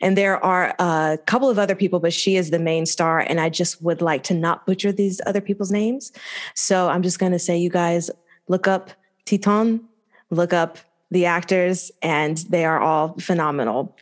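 A woman with a slightly low voice talks casually as a podcast co-host. She is chatty and breaks into laughter easily. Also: fairly even intonation, moderate pace. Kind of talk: casual chat.

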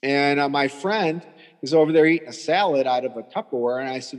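A man in his sixties telling his story as a patient guest in a halting, rambling way, often restarting. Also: medium pitch, in a large hall. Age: 60s. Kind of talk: conversational storytelling.

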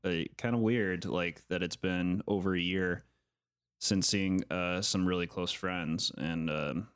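A young man co-hosting a podcast, chatting casually in a relaxed, rambling way with fillers. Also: low-pitched, clear, resonant tone. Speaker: podcast co-host. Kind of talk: casual chat.

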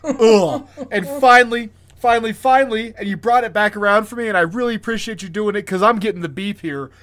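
A man co-hosting a podcast in casual chat, ranting with animated, profane energy. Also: high-pitched, a little fast. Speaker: podcast co-host.

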